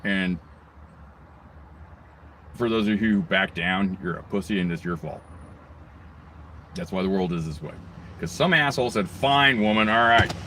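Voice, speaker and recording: A man's voice: low-pitched, animated, normal speed, long pauses, fairly bright tone, slight background noise. A man ranting on his own channel, rambling and swearing heavily, with mocking asides. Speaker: video blogger. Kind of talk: angry profane rant.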